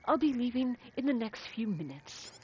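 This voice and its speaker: A woman's voice: a little high, big pitch swings, moderate pace, a little mellow, slight background noise, pitched above the performer's own voice, rough recording. A woman voicing a cold, snobbish wealthy mother with an uppity, condescending manner, over game music. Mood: haughty. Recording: game music playing behind.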